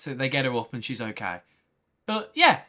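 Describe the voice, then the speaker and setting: A man commenting on clips during a livestream, ranting in an animated, profane way with lots of rhetorical questions. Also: medium pitch, normal speed.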